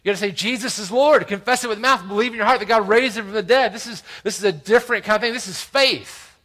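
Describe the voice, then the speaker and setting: A pastor with a high-pitched voice walks through a scripture passage. He rises to loud emphasis and drops to quiet asides, often checking in with "right?". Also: fast, rough recording. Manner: expository preaching with frequent "right?" asides. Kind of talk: sermon.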